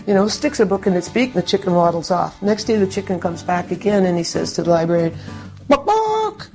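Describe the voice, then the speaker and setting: Female interview guest, relaxed, halting, chuckling delivery. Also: fairly low pitch, soft background music. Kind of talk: relaxed conversation and joke-telling.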